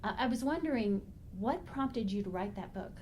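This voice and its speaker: A woman's voice: on the high side, animated, moderate pace, darkish tone. A woman hosting an interview, asking questions and giving many short affirmations. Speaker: interview host. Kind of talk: casual interview talk. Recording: faint background noise.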